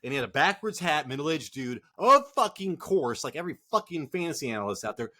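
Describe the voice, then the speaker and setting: Lively, swearing fantasy football co-host man. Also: on the high side, a little fast. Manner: heated, swearing, animated. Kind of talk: casual profane rant.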